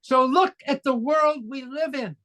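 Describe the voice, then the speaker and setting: A man's voice: very high voice, a little slow, pushed and bright. A man in his sixties from Canada, a coach and speaker, talking as an interview guest in an emphatic, fervent motivational way. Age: 60s. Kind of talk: interview conversation.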